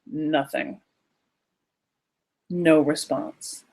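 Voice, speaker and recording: A woman leading a creativity workshop, talking straight to her listeners in a lively, animated way. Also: fairly low pitch, moderate pace. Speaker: workshop teacher, creativity coach. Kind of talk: live online workshop talk.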